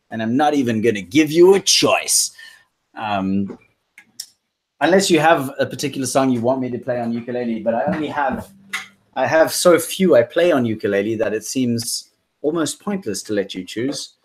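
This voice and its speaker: A man hosting a casual musician's livestream, chatting in a rambling way and reading out viewer comments. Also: on the high side. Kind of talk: casual live-stream chat.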